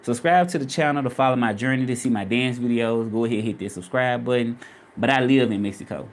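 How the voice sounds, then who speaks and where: A man's voice: medium pitch, fairly quick. A man from Memphis with a Southern accent, chatting casually on a livestream and repeating his questions to viewers. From Memphis, Tennessee. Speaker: vlogger and freelance Spanish interpreter.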